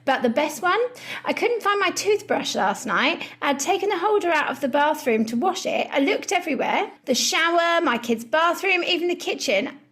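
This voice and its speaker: High-voiced giggly woman in her forties. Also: expressive, moderate pace, a bit bright. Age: early 40s. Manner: giggly, chatty, laughs often. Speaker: podcast co-host. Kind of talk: casual chat, reading listener posts.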